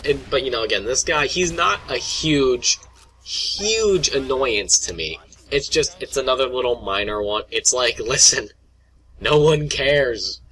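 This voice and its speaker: A young gaming vlogger rants casually to camera about annoying players, rambling with plenty of fillers, restarts and mock voices. His mid-range voice is bright and forceful, with lively intonation and a measured pace.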